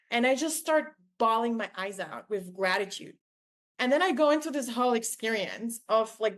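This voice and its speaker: A young woman with a fairly high-pitched, fairly bright voice hosts her podcast, telling a personal story. She's effusive, says "like" constantly, and acts out the voices of the people she quotes.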